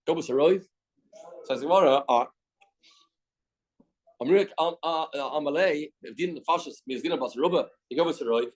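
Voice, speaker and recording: Man, Canadian accent, Talmud teacher, fairly high voice, reads Aramaic and explains in English, repeats key phrases. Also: normal speed, long pauses, low-quality recording. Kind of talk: daily Talmud class.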